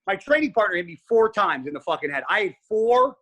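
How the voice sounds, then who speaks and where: A man with a slightly high, husky voice tells a story as a podcast guest. He talks with a forceful, tense edge and swears constantly. His delivery is animated and casual. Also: fairly quick, dull audio. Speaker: podcast guest, pro bodybuilder.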